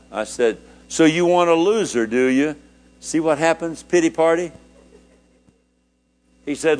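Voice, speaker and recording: An older man, a preacher, telling a personal story in a sermon, his voice climbing high with feeling and dropping low and quiet. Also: measured pace, long pauses.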